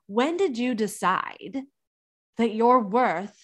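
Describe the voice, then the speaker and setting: A business coach in her thirties delivers a motivational monologue, speaking earnestly and encouragingly with emphatic restarts. Her voice is on the high side and expressive, and she takes it slowly.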